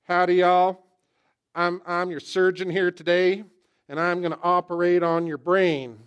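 A man voicing a cheerful deep-south male surgeon with a put-on Southern drawl. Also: little pitch movement, unhurried, clear, resonant tone, lo-fi sound. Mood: hearty.

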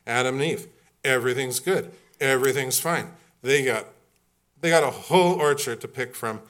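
Male pastor, mid-pitched, chatty, humorous, emphatic sermon delivery. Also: fairly bright tone.

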